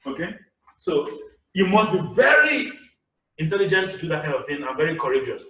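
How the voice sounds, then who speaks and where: Animated Nigerian man teaching a webinar. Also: on the high side, fairly quick. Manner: animated, acts out examples. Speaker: public speaking trainer. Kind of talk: webinar lecture. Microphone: video call camera mic. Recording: echoey room, voice distant from mic.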